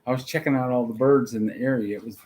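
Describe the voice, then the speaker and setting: A man's voice: mid-range voice, steady tone, fast talker, darkish tone, a little hiss or hum. A middle-aged man, co-hosting a casual live chat and breaking in with short, dry remarks. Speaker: co-host.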